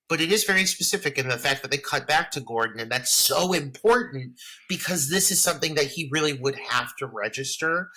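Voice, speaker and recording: A man co-hosting a podcast, chatting about a horror film in excitable, profane banter. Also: medium pitch, poor audio. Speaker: podcast co-host. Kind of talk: casual film discussion.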